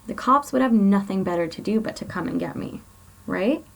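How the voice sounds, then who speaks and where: A woman's voice: medium pitch, animated, normal speed, vocal fry. A woman blogger reading her own personal story aloud in an earnest, confessional way.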